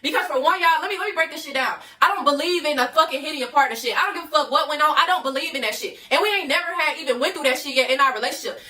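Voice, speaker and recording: A woman telling a personal story casually to her viewers, profane and animated, often calling out to them as y'all. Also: high voice, distant mic.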